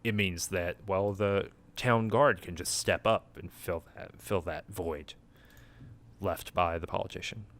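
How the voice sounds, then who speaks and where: A man's voice: deep voice, fairly even intonation, measured pace, fairly bright tone. A sleepy young man co-hosting a podcast, casually recapping a video game in a rambling, self-interrupting, amused way. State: sleepy, yawning. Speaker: podcast co-host.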